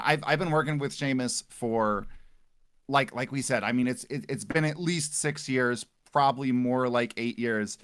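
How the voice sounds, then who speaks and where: A man's voice: mid-range voice, a bit bright, clear, resonant tone, no room sound, studio quality. A man joining a livestream as a longtime collaborator, speaking hesitantly with many fillers and earnest thanks. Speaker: longtime collaborator and guest on the stream. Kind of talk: casual livestream chat.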